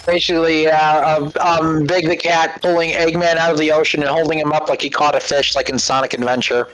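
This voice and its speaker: A man from the Midwest with a somewhat high voice joins the stream banter. He talks emphatically, with playful mock outrage. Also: level tone, fairly quick, a bit bright, low-quality recording. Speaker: co-player on stream. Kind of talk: casual chat.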